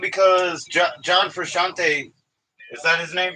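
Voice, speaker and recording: A man's voice: high voice, steady tone, takes it slowly, pushed and bright, poor audio. A man hosting a casual livestream, rambling with lots of swearing about records he is trying to sell. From Washington DC area. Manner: rambling, profane, sings snatches of songs. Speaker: livestream host.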